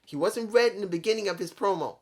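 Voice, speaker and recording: A man's voice: high voice, fast talker. A man reviewing a wrestling show in a casual vlog, rambling, repeating himself and talking straight to his viewers.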